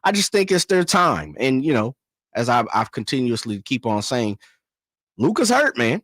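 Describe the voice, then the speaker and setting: Sports radio cohost guy, mid-pitch voice, punchy and slangy, very dry sound. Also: big pitch swings, normal speed, a bit bright, no room sound. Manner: emphatic, colloquial, uses boxing and horse imagery. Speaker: co-host. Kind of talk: casual sports talk.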